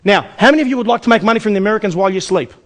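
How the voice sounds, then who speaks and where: A man with an Australian accent presents an investment seminar to a live audience, talking at a rapid clip. He keeps firing rhetorical questions at the room with salesman-like energy, and his voice sits noticeably high.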